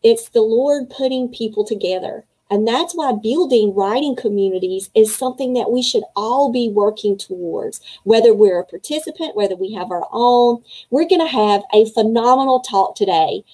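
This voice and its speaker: A middle-aged woman hosting a virtual writing conference, telling her story in an emotional, faith-filled, excited way. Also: a little high, normal speed, few pauses, poor audio. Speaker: conference organizer and host. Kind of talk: welcome speech to a virtual conference.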